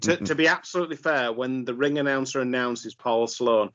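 A man's voice: medium pitch, brisk, a bit bright. A man, chatting casually on a podcast and making wry, chuckling remarks. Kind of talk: casual chat. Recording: dull lo-fi audio.

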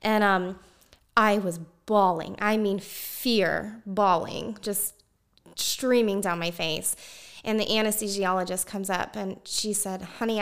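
A woman guest telling a personal story in conversation, animated and laughing often as she talks. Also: mid-range voice.

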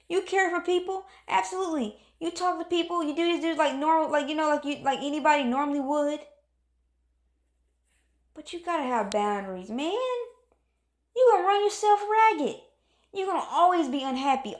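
Woman, casual motivational talker, earnest and repetitive, a bit high, echoey room. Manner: earnest, repetitive, encouraging, acts out moods. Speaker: motivational speaker.

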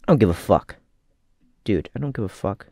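A man giving casual comedic commentary as a vlogger, rambling and profane with deadpan asides. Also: on the low side, moderate pace, dry recording, studio quality.

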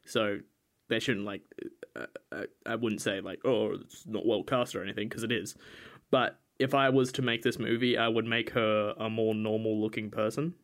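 A man's voice: lowish voice, flat delivery, normal speed, fairly bright tone. A man co-hosting a casual film podcast, talking in loose, rambling sentences with many fillers and restarts. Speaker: podcast co-host. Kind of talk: casual movie review chat.

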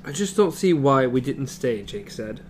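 A man's voice: medium pitch, big pitch swings, moderate pace, a little hiss or hum. A man reading a novel aloud with a partner, stopping to comment and correct himself. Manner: reads with comments and self-corrections. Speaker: reader.

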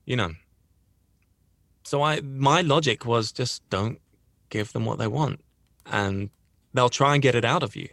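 A man's voice: mid-range voice, unhurried, long pauses, a bit bright, dry recording, studio quality. A man hosting a podcast, telling a personal story in a rambling, earnest way with frequent restarts. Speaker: podcast host. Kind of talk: casual storytelling.

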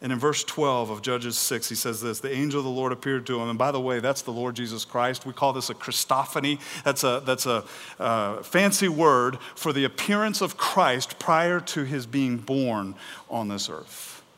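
A man preaching a sermon in an animated way, swinging between loud and soft and acting out the voices in the story. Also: mid-range voice, moderate pace, in a large hall. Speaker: pastor.

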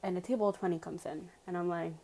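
A woman's voice: fairly low pitch, fairly even intonation, fast, dark tone, low-quality recording. A woman telling a personal story to her viewers in a casual, emphatic way, full of "like" fillers and direct appeals.

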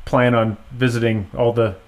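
A man's voice: mid-range voice, flat delivery, moderate pace. Middle-aged guy hosting a podcast chat, friendly and curious, trips over his questions a bit. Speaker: host. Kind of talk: casual interview chat.

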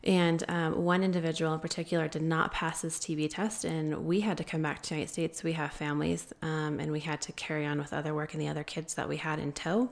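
A woman guest telling a long story in an interview, earnest and pausing often with fillers. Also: low-pitched, level tone, creaky. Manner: earnest, many filler pauses. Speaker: guest, founder of an anti-trafficking group.

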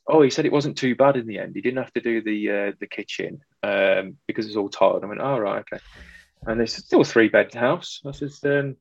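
A man's voice: mid-range voice, vocal fry, no echo, muffled recording. A man working as an electrician tells a work story in casual chat, acting out both sides of the dialogue.

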